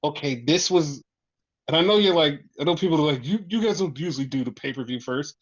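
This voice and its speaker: A man co-hosting a casual wrestling review podcast, telling the story excitedly, with lots of swearing and repetition. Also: a little high, a little fast, dull audio. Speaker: podcast co-host.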